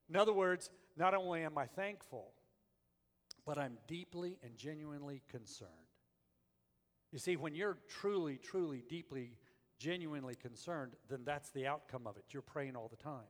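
High-voiced preaching man in a reverberant hall. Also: moderate pace. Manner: animated preaching, swings from quiet to loud, acts out whiners. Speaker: pastor. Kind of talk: sermon.

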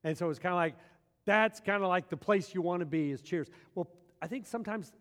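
A man's voice: high voice, a little fast, fairly bright tone. A man preaching a sermon with emphasis, often posing rhetorical questions to his congregation. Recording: long hall reverb.

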